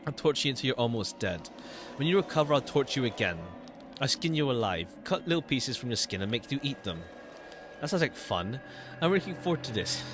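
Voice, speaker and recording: A man voicing a vengeful young woman who calmly makes cruel threats. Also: medium pitch, fairly quick, over music, lightly acted. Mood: menacing. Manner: calm, gleeful threats.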